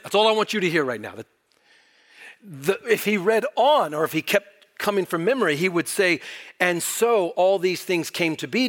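Male preacher, higher-pitched, emphatic sermon style with dramatic quiet drops. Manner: emphatic, varying pace and volume, drops to near whisper.

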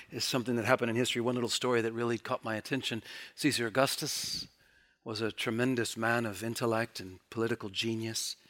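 Delivering a sermon, this man's animated style alternates between excited loud outbursts and hushed, quiet lows. He acts out quoted speech with playful mock taunting.

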